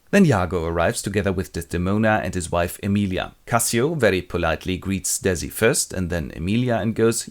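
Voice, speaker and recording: A man's voice: deep voice, a little fast, few pauses. A man narrating a comic retelling of a classic play in a wry, sardonic manner.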